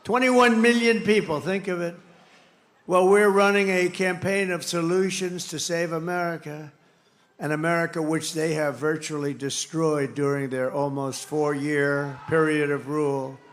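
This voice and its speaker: A man's voice: on the high side, steady tone, measured pace. A man giving a campaign rally speech at a podium microphone, combative and repetitive, with mocking asides. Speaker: political candidate. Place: large rally venue.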